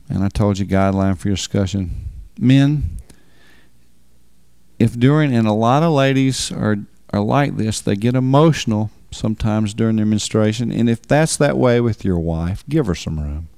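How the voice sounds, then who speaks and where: Gravelly-voiced man preaching folksy marriage advice. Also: on the low side, moderate pace, mellow, no echo, clean studio sound. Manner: folksy, emphatic, repeats words for stress. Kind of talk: sermon.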